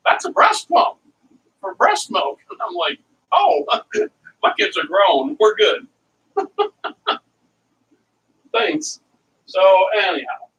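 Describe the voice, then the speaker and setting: A chatty middle-aged man talks through a home cooking demo, drifting into stories as he goes. His voice sits a little high and swings up and down. He sounds a bit off-mic, with a faint hum of room noise behind him. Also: sharp tone, distant mic, poor audio. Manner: rambling, chatty, wandering off into stories. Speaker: cooking vlog host. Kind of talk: casual cooking demonstration, talking to viewers.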